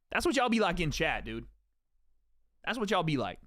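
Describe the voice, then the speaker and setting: Young man, streamer host, casual profane banter, lively pitch, dry sound. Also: moderate pace, dry recording. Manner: profane, joking, talks to chat. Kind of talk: casual livestream chat.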